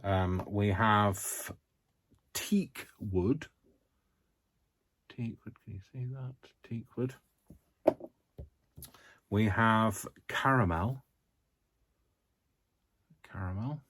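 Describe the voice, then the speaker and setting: A man's voice: lowish voice, drawn-out words, long pauses, background noise. A man hosting a casual craft haul vlog, talking to camera in a chatty, rambling way with many ums and self-mocking jokes. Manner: jokey, self-mocking humour. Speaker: craft vlogger.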